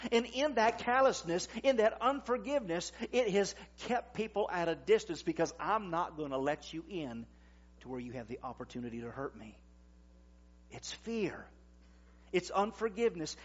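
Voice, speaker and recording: A man in his forties, a pastor preaching a sermon in a conversational way, swinging between loud emphasis and quiet asides. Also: high voice. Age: 40s. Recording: dull, lo-fi recording.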